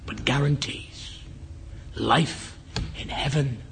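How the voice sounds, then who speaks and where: An older Englishman preaching a sermon, telling a personal story in an earnest way and dropping to a hush at times. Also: medium pitch, slow pace, creaky, slight background noise. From England. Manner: earnest, drops to a hushed whisper for the dying man's words. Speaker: guest preacher.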